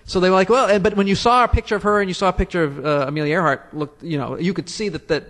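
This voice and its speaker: A man chats fast and loosely, hopping between jokes and tangents and leaving sentences unfinished. His voice sits a little high. The room echoes with a long tail. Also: steady tone, a bit bright. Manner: rambling, jokey, trails off mid-sentence. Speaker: podcast host. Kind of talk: casual chat. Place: basement room under a church.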